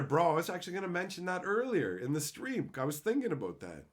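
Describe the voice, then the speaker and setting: A male streamer talking casually to his chat, his voice leaping high and loud when he reads messages, then dropping low and quiet for stories. He swears freely and keeps an easy, rambling tone. His pitch is lively and very animated throughout. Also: quick pace, hardly any pauses. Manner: animated, swings between loud excited reading of chat and low reflective storytelling.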